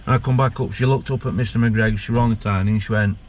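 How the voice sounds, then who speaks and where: A man, a former prisoner, telling his story with halting emotion and many restarts. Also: on the low side, steady tone, slight background noise. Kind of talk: candid personal storytelling.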